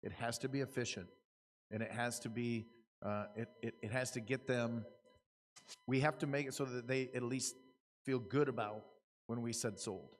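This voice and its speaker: A man's voice: mid-range voice, fairly even intonation, normal speed. Man lecturing auctioneers in an echoey hall. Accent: American. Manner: casual, repeats and restarts, earnest. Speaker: auctioneer giving a seminar talk. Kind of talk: conversational lecture to a live audience. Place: conference room. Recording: long reverb of a hall.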